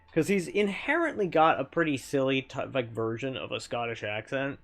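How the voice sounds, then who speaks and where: A man streaming himself playing a game, talking casually and playfully at middle pitch. His voice bounces around with lively intonation, and he keeps correcting himself mid-sentence with little joking asides. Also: normal speed, creaky, hardly any pauses, faint music behind. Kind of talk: casual gameplay commentary.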